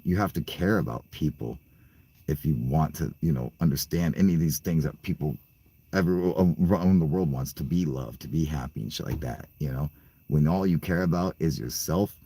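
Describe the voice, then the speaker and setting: Low, husky, profane man ranting. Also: mellow, dry recording. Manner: profane, rambling, stammering, laughing often. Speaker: channel host. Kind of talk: ranting casual monologue.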